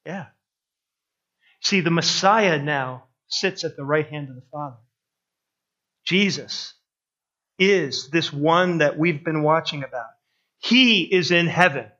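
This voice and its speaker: A preacher with a high, bright voice delivers a sermon, building emphatic runs of phrases and then dropping low to land the point. The sound is a little dull, like a muffled sermon recording. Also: male voice, slow, long pauses.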